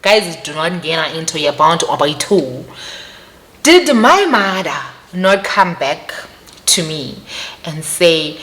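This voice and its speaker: Slow and low-pitched, a young South African woman recounts something personal to her viewers. She's animated and emphatic, repeats phrases, and addresses them directly.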